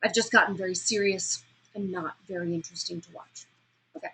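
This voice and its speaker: A woman teaching a class on public speaking, lecturing lively and demonstrating pitch and emphasis as she explains. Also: fairly quick, slightly rough, low-quality recording.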